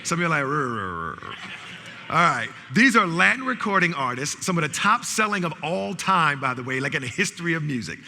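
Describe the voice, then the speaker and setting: A man's voice: fairly high pitch, lively intonation, quick pace, vocal fry, hardly any pauses, sharp tone, a little hiss or hum. A man who is a college professor giving an interactive training talk to a conference audience, calling for responses and repeating phrases to rally the crowd. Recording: long hall reverb.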